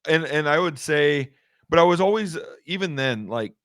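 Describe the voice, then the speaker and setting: A man's voice: fairly high pitch, animated, normal speed, fairly bright tone, no echo, clean studio sound. A man speaking as an interview guest about designing game calls, rambling in a casual way with many restarts and fillers. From Washington state. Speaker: guest, game call maker.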